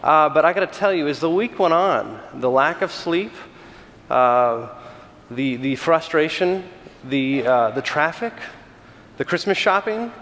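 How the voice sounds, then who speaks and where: A middle-aged man from California, a senior pastor giving a conversational sermon with animated, self-deprecating storytelling and frequent restarts. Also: on the high side, a little slow, in a large hall.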